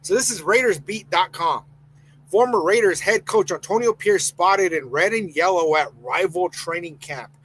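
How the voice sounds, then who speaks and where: High-voiced heated podcast host. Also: male voice, normal speed, fairly bright tone, a little hiss or hum, rough recording. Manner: heated, exclaiming, reads chat comments aloud. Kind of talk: live-stream sports podcast rant.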